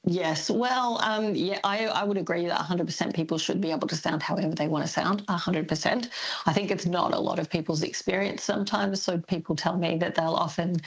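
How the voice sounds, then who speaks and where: A woman speaking as an expert guest on a talk radio program. Her voice sits a little low with a creaky edge, and she explains things carefully and warmly, pausing on ums. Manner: thoughtful, explanatory, many ums. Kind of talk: radio interview.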